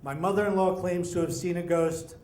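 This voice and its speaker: A middle-aged man telling a personal story, animated and acting out the voices of the people in it. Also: high voice, a little fast, slight background noise. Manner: animated, acts out quoted voices. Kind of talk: personal story told to an audience. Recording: echoey room.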